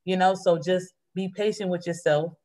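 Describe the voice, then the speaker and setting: A woman in a casual faith conversation, talking fast and earnestly as she shares her testimony. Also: fairly low pitch, steady tone, dark tone. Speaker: churchgoer sharing testimony.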